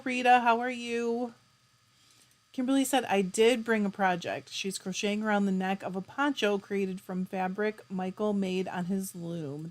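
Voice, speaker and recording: A woman hosting a casual live stream. She reads out viewers' comments, chats back to them and keeps clearing her throat. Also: mid-range voice. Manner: chatty, reads out comments and answers them warmly. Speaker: livestream host.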